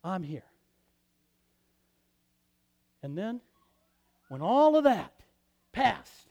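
High-voiced man preaching with dramatic swings. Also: big pitch swings, slow pace, gravelly, pauses often. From Michigan. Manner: dramatic swings from loud to hushed. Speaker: pastor. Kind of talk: sermon.

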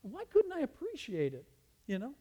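A man, a teacher, telling a personal story as a testimony, animated and with his voice rising sharply in the retold scenes. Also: very high-pitched, normal speed, husky. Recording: long reverb of a large hall.

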